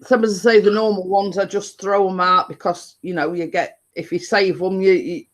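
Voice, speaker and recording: A woman's voice: mid-range voice, steady tone, moderate pace. A woman hosting a casual livestream chat from her home computer desk, rambling with restarts. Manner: chatty, rambling with frequent restarts and laughs. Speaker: livestream host.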